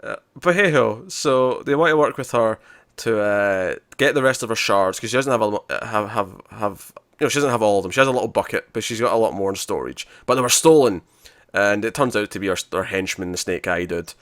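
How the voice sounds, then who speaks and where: A man's voice: on the low side, fairly quick, a bit bright, dry recording, studio quality. A man hosting a podcast, chatting casually and animatedly as he recaps TV episodes, laughing often. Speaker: podcast host.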